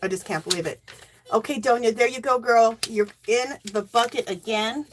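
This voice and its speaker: A middle-aged woman hosting a casual livestream, emotional and teary, thanking viewers by name and cheering with loud whoops. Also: a little high, normal speed, slight background noise. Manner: thanks donors warmly by name. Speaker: livestream host.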